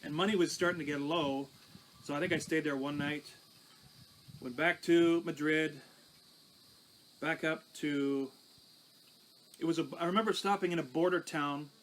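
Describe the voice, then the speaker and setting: A man's voice: fairly high pitch, steady tone, moderate pace, pauses often, a bit bright, rough recording. Man telling his testimony. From Canada. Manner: conversational, recounting with small restarts. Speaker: pastor. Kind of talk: personal testimony storytelling.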